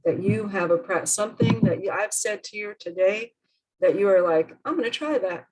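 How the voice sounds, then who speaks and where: A woman's voice: mid-range voice, fairly even intonation, moderate pace, darkish tone, soft background music, rough recording. A woman presenting an online workshop over a video call, earnest and emphatic, often asking the group questions.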